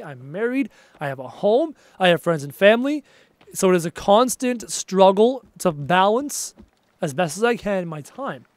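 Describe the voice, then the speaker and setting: A man's voice: high-pitched, dry recording. A young man from Canada chatting casually while streaming a game live, reading his chat aloud and answering it.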